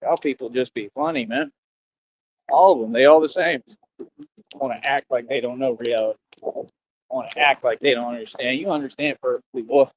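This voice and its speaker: A man's voice: medium pitch, expressive, moderate pace, long pauses, dull audio, a little hiss or hum. A man ranting boastfully and scornfully on a live stream.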